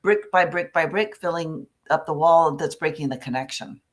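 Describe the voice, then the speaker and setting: A woman in casual talk, telling lively stories and acting out what people said. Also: low-pitched, normal speed. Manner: animated storyteller, acts out quoted voices. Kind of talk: casual conversational discussion.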